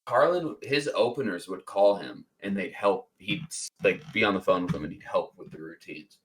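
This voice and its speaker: A man co-hosting a casual podcast chat, cursing freely and chiming in with quick remarks. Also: sits low, lively intonation. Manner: profane, laughs often, chimes in. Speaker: podcast co-host.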